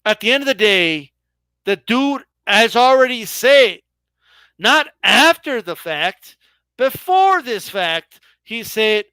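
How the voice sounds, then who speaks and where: A man giving heated boxing commentary on a live stream, sarcastic and exasperated, talking in rapid rants. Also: high-pitched, big pitch swings, bright, forceful tone, clear, resonant tone, no echo.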